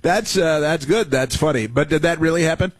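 A man's voice: fairly high pitch, a little fast, slightly rough, no echo. A middle-aged man hosting a call-in radio talk show, rambling and chatty with many restarts and fillers.

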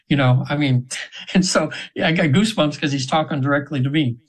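On a low-quality radio interview recording, a spiritual practitioner in his 70s tells a long, earnest story in a casual, rambling way full of fillers and restarts. He speaks briskly, his voice steady and on the high side.

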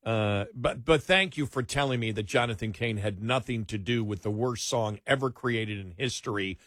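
A man's voice: fairly low pitch, fairly bright tone, dry recording, clean studio sound. An older man co-hosting a radio talk show in casual chat, chuckling and stumbling over fillers. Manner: chuckling, halting with many fillers. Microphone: studio mic.

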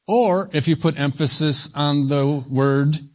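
Slow, emphatic man preaching. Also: fairly high pitch. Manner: slow, deliberate, stretching key words for emphasis. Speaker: pastor. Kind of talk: expository sermon.

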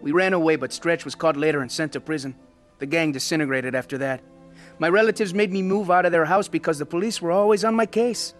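A man's voice: a little high, steady tone, fast, soft background music, natural voice. A man playing a streetwise young ex-gang member. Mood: reflective. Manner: streetwise, blunt. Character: young male ex-gang member telling his story. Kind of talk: radio drama narration.

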